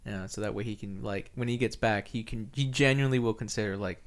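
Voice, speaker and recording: A man's voice: on the low side, fast. A man hosting a podcast in casual chat, teasing his friends and laughing often. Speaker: podcast host.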